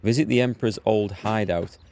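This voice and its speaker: A man's voice: on the low side, a little fast, a little mellow. A man streaming a game live from indoors at home, chatting in an upbeat way and thinking aloud as he plays. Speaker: gaming streamer.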